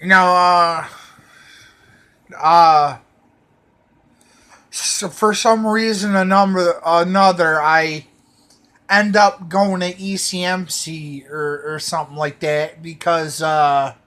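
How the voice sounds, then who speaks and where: A man's voice: a little high, steady tone, slow, long pauses, bright, forceful tone. A man telling a rambling personal story, profane and meandering, full of fillers and restarts.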